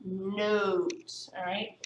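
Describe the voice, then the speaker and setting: A woman teaching a phonics lesson to young students, patient and encouraging, sounding words out slowly. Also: medium pitch, little pitch movement, a little hiss or hum. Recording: echoey room, voice from a distance.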